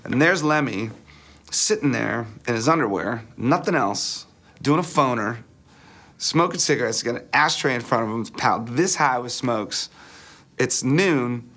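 A man interviewed for a documentary, telling a casual anecdote in a relaxed way and building up the scene detail by detail. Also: mid-range voice, unhurried. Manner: relaxed, describes the scene piece by piece.

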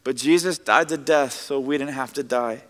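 A man's voice: medium pitch, normal speed, fairly bright tone, long reverb tail. A male pastor preaching a sermon to his congregation in a church, in a conversational style with joking asides. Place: church sanctuary with audience.

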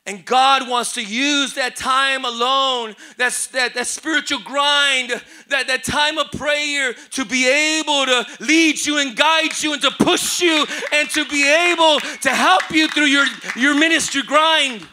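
High, bright-voiced preaching pastor man. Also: fairly even intonation, measured pace, few pauses. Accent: Southern Californian. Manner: preaching with rising shouted emphasis and repeated phrases. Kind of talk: sermon. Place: church sanctuary.

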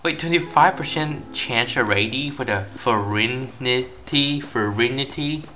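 A man doing gameplay commentary, panicky and self-mocking, repeating words in nervous bursts and shrieking high when caught. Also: unhurried, pushed and bright. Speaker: gaming YouTuber.

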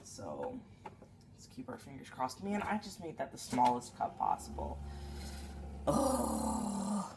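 A man's voice: on the high side, huge pitch swings, slow, vocal fry. A young man vlogging his day in a rambling, venting way, full of "like". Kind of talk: casual vlog to camera. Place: home, then out and about. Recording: noisy background.

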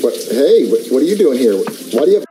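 An actor playing an excitable, fussy father who rants and worries. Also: mid-range voice, a little fast, slight background noise, close to an everyday voice. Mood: concerned. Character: concerned excitable dad.

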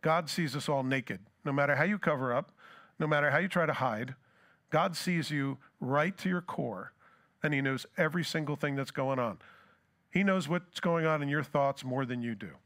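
A man's voice: medium pitch, a bit bright. A pastor preaching a sermon who asks his congregation rhetorical questions and acts out scripture dialogue.

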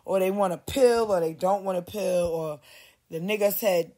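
Speaking at a moderate pace with a medium-pitched voice, a female podcast host curses heavily through an animated, meandering rant, raising her voice to imitate other people.

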